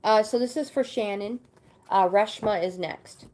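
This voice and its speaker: A woman hosting a casual live-stream tarot reading, reading card meanings aloud with pauses and fillers and greeting viewers by name. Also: medium pitch, a little mellow. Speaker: tarot card reader and livestream host.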